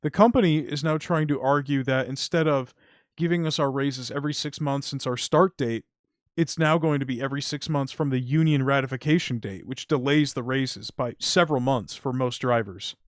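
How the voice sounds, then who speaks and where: A man's voice: medium pitch, moderate pace, dry recording. Heated man venting, dry close sound. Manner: heated, swearing, frustrated venting. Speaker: streamer. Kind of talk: casual stream rant. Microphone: streaming mic.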